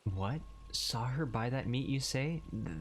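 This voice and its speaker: A man voicing a pompous man who threatens a citizen, reading game dialogue aloud with a slow, drawn-out menace. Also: medium pitch, animated, a little hiss or hum, voice pushed up, natural voice. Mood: menacing.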